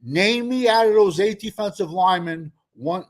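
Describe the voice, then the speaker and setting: A man with a fairly high voice argues football in a heated debate. He comes off sarcastic and pushy, repeating himself to press his point. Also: moderate pace, over a noisy crowd.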